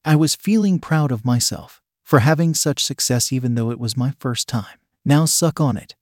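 A man narrates a first-person story in a plain, conversational reading. His voice sits at a middle pitch for a man, and the recording is dry, with no room sound at all. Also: moderate pace, no room sound.

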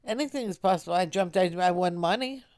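A woman's voice: lowish voice, lively intonation, fast talker, darkish tone, no room sound. An older woman, a grandmother, answering bluntly with short, dry replies in casual chat.

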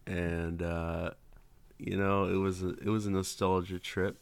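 A man's voice: deep voice, little pitch movement, measured pace, vocal fry, clear, resonant tone. A man hosting a casual gaming podcast, easygoing and chuckling as he talks. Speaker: podcast host. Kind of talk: casual chat.

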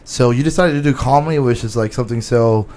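Fast-talking rambling man. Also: medium pitch, a little mellow. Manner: rambling, swears often, many "you know"s. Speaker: podcast host. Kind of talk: casual chat.

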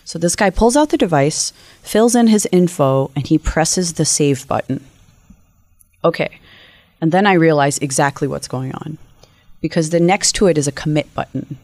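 A woman guest on an interview, telling a story in a lively, animated way at a quick clip. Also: low voice, no echo. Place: conference venue.

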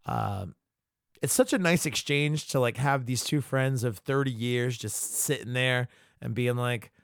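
Podcast host, male, mid-pitch, casual swearing fan recap, dry close sound. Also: unhurried, vocal fry, no room sound. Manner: loose, slangy, profane, retells scenes.

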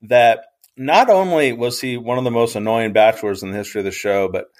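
A man co-hosting a podcast at a middle pitch, recapping a TV season in loose, rambling chat. He stops often to search for words. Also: a little fast, a little mellow. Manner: rambling, hesitant, full of ums. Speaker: podcast co-host.

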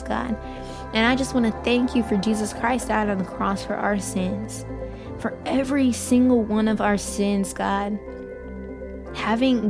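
A woman shares scripture and prays on her faith podcast, earnest and emotional. Her voice sits at a middle pitch and often drops to a hushed near-whisper, with easy casual fillers. Faint music plays softly behind her. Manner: fervent, heartfelt, with casual fillers. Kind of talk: devotional talk and prayer.

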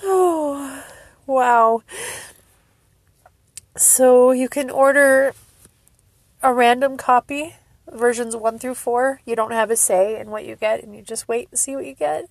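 A woman hosts a casual solo podcast, gushing emotionally as she laughs and cries. Her voice is a little high and creaky with fairly even intonation at normal speed, recorded with no room sound.

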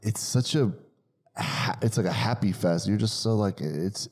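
Friendly low-voiced podcast host. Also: male voice, a little slow, a little mellow, breathy edge. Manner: friendly, reflective, with loose trailing sentences. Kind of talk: casual podcast chat.

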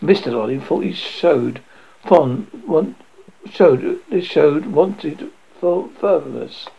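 A man reading a children's classic aloud, lively and prone to stumbles. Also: a little high, slow pace, vocal fry, husky. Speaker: reader. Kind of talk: storybook reading. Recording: dull lo-fi recording.

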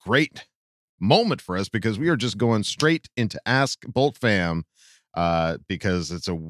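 A man hosting a casual sports podcast, reading out listener questions in an animated, joking way. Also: lowish voice, measured pace, no echo, clean studio sound. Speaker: podcast host.

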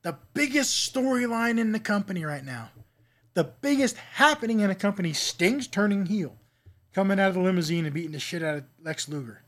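A man's voice: sits high, animated, a little fast. A man guesting on a podcast, telling backstage stories from his wrestling past in a rambling, profane, laughing way. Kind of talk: casual storytelling chat.

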